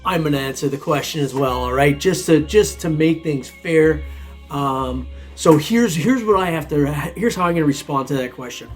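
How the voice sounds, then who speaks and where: With soft music in the background, a man speaking on the high side at normal speed hosts his metal detecting vlog. He chats to viewers in a loose, rambling way, laughing often and addressing everyone as "man."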